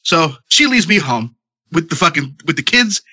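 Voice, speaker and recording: A man's voice: a little high, very animated, moderate pace, sharp tone. A congested man in his thirties ranting profanely about his night at home, as a podcast co-host. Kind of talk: casual chat.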